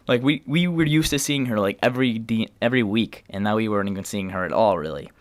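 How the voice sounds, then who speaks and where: A teenage guy vlogging straight to camera, rushing through a long personal story. He talks quickly in a middle-pitched voice, looping back on himself with fillers and false starts. The sound is close and dry, with no room around it. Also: no room sound. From New York area. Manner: rambling, full of fillers and restarts.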